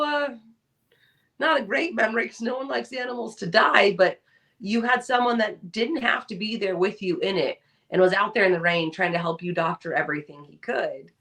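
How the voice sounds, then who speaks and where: A woman co-hosting a podcast, chatting casually and telling lively stories, acting out the people she quotes. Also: medium pitch, moderate pace, gravelly, recorded from a distance. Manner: animated storyteller, acts out quoted voices. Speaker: podcast co-host. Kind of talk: casual chat.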